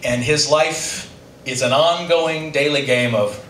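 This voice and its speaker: A man's voice: a little high, steady tone, a little slow, a bit bright. A middle-aged man telling a personal story live on stage to an audience, with dry, self-deprecating humor. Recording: roomy, distant stage recording with audience noise.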